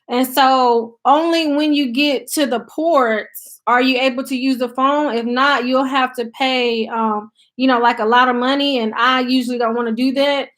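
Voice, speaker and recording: High-voiced woman with a country accent. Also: fairly even intonation, moderate pace, a bit bright. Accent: American country. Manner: chatty and loose, thinks aloud with many fillers. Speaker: YouTube channel host. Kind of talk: casual live-stream chat, reading viewer comments aloud.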